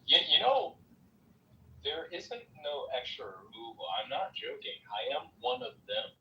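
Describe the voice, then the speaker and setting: A man's voice: medium pitch, big pitch swings, measured pace, highs cut off. Swooping joking man in a roomy space. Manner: joking, wildly swooping delivery. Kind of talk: casual political chat. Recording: roomy, distant mic with faint noise.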